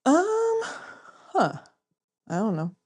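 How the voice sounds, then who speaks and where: A woman's voice: high voice, wildly swooping pitch, slow pace, a little mellow. A woman co-hosting a casual podcast, telling stories with lots of swearing and laughter. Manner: profane, laughing storyteller. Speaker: podcast co-host.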